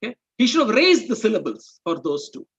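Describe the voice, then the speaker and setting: A man with a fairly high, slightly husky voice walks listeners through an explanatory talk in a measured way. He keeps stopping to check in with the audience. The recording sounds muffled and lo-fi. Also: sing-song, fairly bright tone. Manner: measured, explaining with rhetorical checks like "okay?" and "right?". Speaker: presenter.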